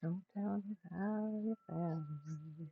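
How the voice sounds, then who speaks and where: A woman's voice: medium pitch, fairly even intonation, takes it slowly, gravelly, husky. An older woman hosting a casual crafting livestream at home. She chats with her viewers and her pets as she works. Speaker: livestream host. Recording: dull lo-fi stream audio.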